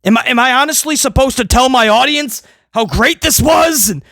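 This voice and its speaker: A man hosting a wrestling review, ranting sarcastically and swinging between loud mocking outbursts and low muttering. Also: a little fast, no room sound, studio quality. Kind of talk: opinionated review rant.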